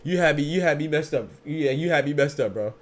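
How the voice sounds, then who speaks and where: A man's voice: on the high side, expressive, fairly quick. A man hosting a boxing podcast livestream, talking casually and answering viewer chat in slangy speech. He often repeats words while he thinks.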